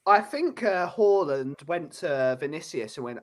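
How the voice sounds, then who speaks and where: A man's voice: a little high, big pitch swings, a little slow. A man co-hosting a casual fan chat, swearing freely and mocking others. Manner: crude, mocking, puts on silly voices.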